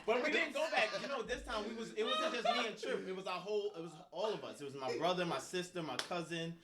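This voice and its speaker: A man's voice: high-pitched, expressive, quick pace, a loud crowd. A man co-hosting a podcast in casual chat, laid-back and laughing as he tells his side. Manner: laid-back, laughing, chimes in with short agreements. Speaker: podcast co-host.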